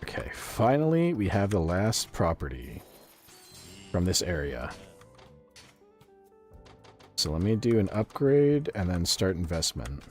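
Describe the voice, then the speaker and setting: A man's voice: low-pitched, big pitch swings, measured pace, long pauses, darkish tone, faint music behind. A man from the United States streaming a video game, chatting casually, laughing often, swearing freely and answering his chat. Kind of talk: casual live gameplay commentary.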